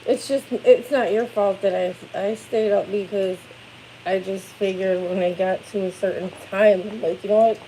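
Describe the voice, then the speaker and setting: A woman's voice: medium pitch, fairly even intonation, measured pace, noisy background. A woman in her thirties, a parent chatting casually on a livestream, tired after no sleep, rambling and swearing freely. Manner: rambling, swears freely, yells playfully to wake her kid.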